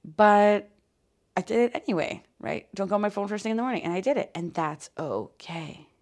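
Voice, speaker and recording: Medium in pitch with a darkish tone, a young woman talks briskly as host of her own podcast, freshly awake and yawning. She rambles casually, puts herself down, uses lots of fillers, and abruptly sinks into whispers.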